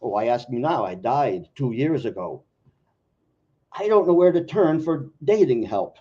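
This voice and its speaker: A man voicing his late wife in a poem, a teasing, sharp-tongued older woman. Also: mid-range voice, sing-song, unhurried. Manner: teasing, needling. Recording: dull lo-fi live recording.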